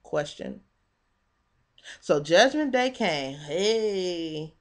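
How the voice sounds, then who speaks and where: A woman recapping a reality show in casual, animated commentary, sassy and quick to laugh. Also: lowish voice.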